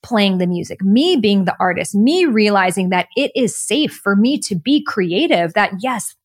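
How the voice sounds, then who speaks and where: A woman from the United States, a podcast guest sharing her story in an earnest, animated, spiritual-motivational way. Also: mid-range voice, no echo, clean studio sound. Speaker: podcast guest, author and coach. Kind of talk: reflective conversational storytelling.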